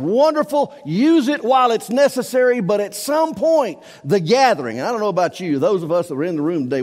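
A male pastor with a high-pitched, somewhat mellow voice delivers a sermon to his congregation, and the church sanctuary gives it a big-room sound. His preaching is emphatic and repetitive, hammering key words while his force rises and falls.

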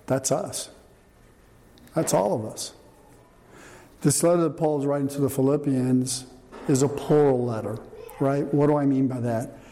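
A man's voice: mid-range voice, steady tone, unhurried, long pauses, dark tone. Older male pastor in a reverberant hall. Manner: conversational, asks the room questions. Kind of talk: sermon with audience questions. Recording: long reverb in a hall, faint noise.

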